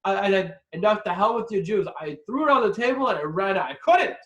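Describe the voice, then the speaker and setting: A man's voice: high-pitched, big pitch swings, fast, a bit bright, reverberant, distant mic, full character voice, low-quality recording. A man voicing a starving, frantic grown man who rants with rising exasperation at a long dinner.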